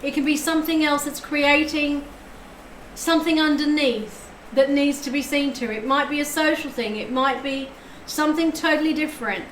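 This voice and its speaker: A woman with a bright, high voice reads tarot on a live stream and chats effusively with her viewers. Her voice rings around an echoey room, and a faint ambient hum sits underneath. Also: fairly even intonation, moderate pace. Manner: effusive, chatty, thanks viewers often.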